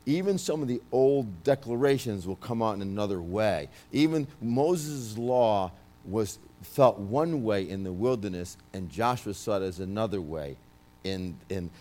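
Loud, emphatic New York man, low voice, delivering a prophetic word with restarts. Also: animated, measured pace. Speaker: minister giving a prophetic word. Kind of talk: prophetic ministry speech.

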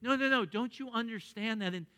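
A man preaching a sermon, reading scripture and speaking earnestly and with emphasis, sometimes dropping into quieter asides. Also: very high voice, fairly quick. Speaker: pastor.

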